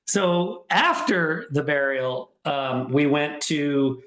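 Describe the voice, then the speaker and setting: A man hosting a podcast, telling a story in casual chat with animated, self-mocking energy. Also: a little high, slow pace. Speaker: podcast host. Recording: roomy echo.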